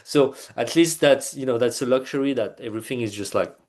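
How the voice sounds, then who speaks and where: A man, a band's bassist, chatting loosely as an interview guest over a video call, with lots of fillers and restarts. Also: brisk, darkish tone. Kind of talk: casual interview chat.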